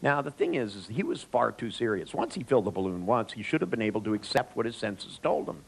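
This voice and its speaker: Guy running a seminar, gravelly fry in his voice, swings his pitch all over, jokes and tells stories to the audience. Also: fast talker, low-quality recording. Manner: animated storyteller, joking, addresses audience directly. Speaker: seminar speaker. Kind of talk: live seminar talk with anecdotes.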